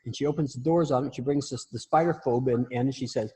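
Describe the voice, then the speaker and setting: Talking quickly in a medium-pitched, slightly rough, a little mellow voice, a male instructor runs his class casually. He frequently repeats and restarts phrases and cracks blunt, salty jokes.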